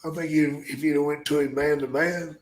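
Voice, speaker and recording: A man's voice: a little high, steady tone, fairly quick, reverberant, low-quality recording. An older man and former wrestler hosting a podcast, telling blunt, profane stories in a casual way. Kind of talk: casual storytelling.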